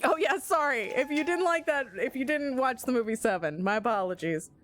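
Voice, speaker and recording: A woman's voice: high-pitched, a little fast, fairly bright tone, slight background noise. An American woman streaming a game, laughing constantly and swearing as she comments. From United States. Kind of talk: live gameplay commentary.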